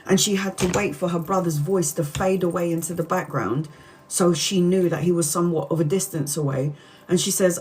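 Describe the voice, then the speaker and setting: A woman's voice: fairly low pitch, fairly even intonation, a little fast, darkish tone. A woman, a tarot reader earnestly retelling a harrowing story from a book on a live stream, with many restarts.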